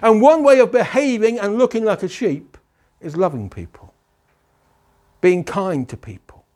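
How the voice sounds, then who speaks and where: A male pastor preaching a sermon, asking rhetorical questions and pausing for emphasis. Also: high-pitched, expressive, a little mellow.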